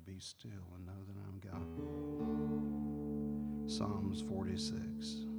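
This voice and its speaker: Male pastor, folksy storyteller with a measured delivery, recorded in an echoey hall. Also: low-pitched. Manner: conversational, folksy, repeats phrases for emphasis. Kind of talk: spoken testimony told as a story. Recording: long hall reverb with clear guitar music.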